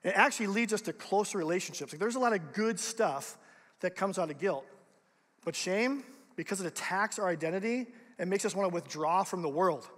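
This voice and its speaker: A young man, a youth pastor, giving a casual, animated sermon in a large auditorium. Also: high voice, fairly quick. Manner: casual, animated, conversational preaching. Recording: long reverb of a large hall.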